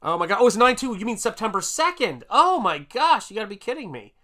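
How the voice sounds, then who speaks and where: A middle-aged American man chats his way through a live painting stream, reading viewer comments aloud and reacting with quick exclamations. His voice sits a bit high for a man and has a bright, forward tone. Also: sing-song. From United States. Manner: chatty, reads out viewer comments, exclamations and laughs. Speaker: artist hosting a livestream. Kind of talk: casual livestream chat while painting.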